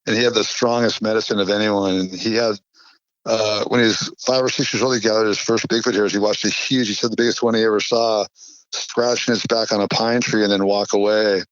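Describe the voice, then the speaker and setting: A man's voice: lowish voice, fairly even intonation, a little fast, dry recording. A man from California, a podcast guest, telling a long anecdote in a rambling, filler-heavy way. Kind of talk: casual storytelling chat. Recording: dull lo-fi dry podcast audio.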